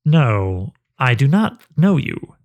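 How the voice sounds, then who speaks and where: A man's voice: medium pitch, sing-song, slow pace, a little mellow, muffled recording. A man voicing a proud, enraged monstrous male beast who speaks in a defiant, proclaiming manner in a storybook reading.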